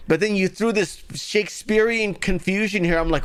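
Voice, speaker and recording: A man's voice: high-pitched, normal speed, hardly any pauses, fairly bright tone, clear, resonant tone. A man hosting a livestream, giving casual, sarcastic political commentary and mocking the stories he reads. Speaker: livestream news commentary host.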